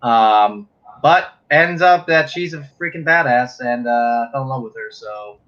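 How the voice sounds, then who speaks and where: A man chatting casually as a guest on a livestream, relaxed and rambling, often trailing off. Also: medium pitch, a little slow, muffled recording. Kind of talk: casual chat.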